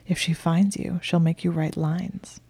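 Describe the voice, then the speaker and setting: Whispered role-play: woman as a fiery young witch, taunting, low and gravelly, mellow tone. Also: level tone, a little slow, no echo, heavily acted. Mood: teasing. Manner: taunting, through gritted teeth. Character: sharp-tongued young witch, fiery and clever.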